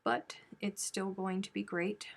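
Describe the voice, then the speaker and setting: A woman hosting a crochet live stream, chatting casually with viewers and reading out their comments, with sudden loud animated outbursts. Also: mid-range voice, measured pace. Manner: chatty, reads and answers viewer chat; animated, bursts into loud exclamations.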